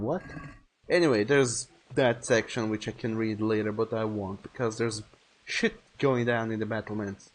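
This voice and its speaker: A man's voice: lowish voice, fairly even intonation, moderate pace, a little hiss or hum. Chatty male game streamer. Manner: chatty, reads viewer messages aloud, swears. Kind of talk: casual live-stream commentary.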